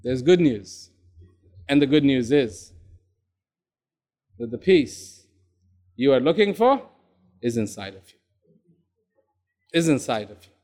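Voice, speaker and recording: A man giving an inspirational talk to an audience. He is emphatic, repeats key words and uses dramatic pauses. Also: medium pitch, expressive, dark tone. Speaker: speaker. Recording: long hall reverb.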